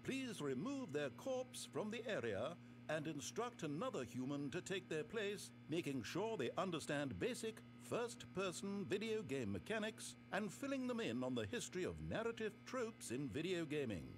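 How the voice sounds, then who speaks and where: A man's voice: fairly high pitch, big pitch swings, normal speed. A man voicing a dry, sardonic narrator in a game, with wry, theatrical, exasperated asides. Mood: mocking. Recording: game audio with music behind.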